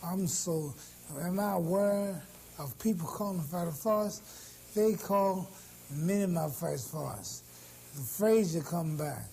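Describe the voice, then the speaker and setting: A man's voice: high-pitched, a little slow, vocal fry, dark tone, slight background noise, rough recording. A man, a boxing champion at a press conference, talking boastfully and answering with rhetorical questions.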